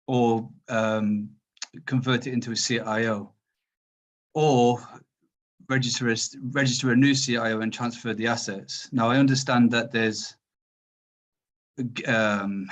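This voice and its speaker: A man on a webinar video call, asking polite, apologetic questions while thinking aloud. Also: medium pitch.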